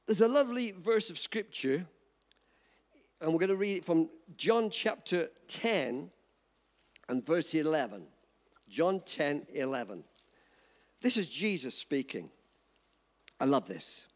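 A man's voice: a little high, very animated, slow, pauses often. A man preaching a sermon as pastor, joking with the congregation and pressing his points with emphasis. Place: church hall. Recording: long reverb of a church hall.

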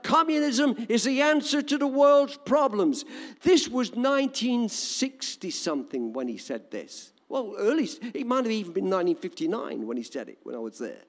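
A man's voice: very high voice, big-room sound. An older man with an English accent preaching a sermon in an emphatic, repetitive cadence. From England.

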